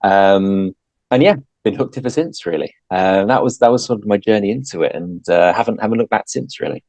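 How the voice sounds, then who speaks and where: A man's voice: on the low side, brisk, a little mellow, no room sound, rough recording. A man, a podcast guest telling his story in casual talk, hesitant with many fillers and restarts. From England.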